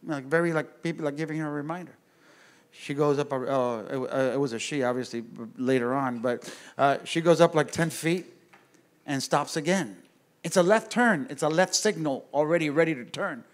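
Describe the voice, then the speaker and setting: A male pastor telling a story in a casual, animated way to a men's group at church, talking straight to his listeners. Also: on the high side, a little fast. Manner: animated, conversational, addresses the audience directly. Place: church gathering room.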